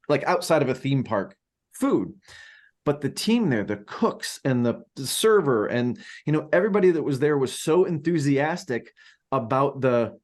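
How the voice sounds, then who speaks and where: Chatty podcast co-host, lots of ums. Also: male voice, medium pitch, a little mellow. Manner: rambling with many fillers and restarts. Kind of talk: casual podcast chat.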